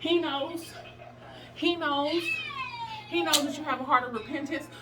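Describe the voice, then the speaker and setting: An unhurried, high-pitched woman, a plus-size fitness vlogger, preaches sassy and emphatic motivation while working out, laughing often and occasionally out of breath. Background noise and music are audible, and she's captured on a far-off microphone.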